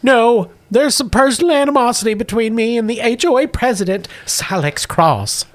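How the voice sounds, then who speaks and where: A man's voice: lively intonation, normal speed, no echo. A man voicing a middle-aged female Gamorrean pig-alien homemaker, a chatty hostess in a tabletop game. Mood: fussy. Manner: high, fussy, hospitable.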